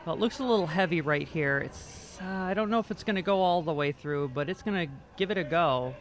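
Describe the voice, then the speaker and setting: A man's voice: on the high side, a little fast, slight background noise. A man doing amateur commentary on a curling game, joking and self-deprecating and stumbling over players' names. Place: curling rink.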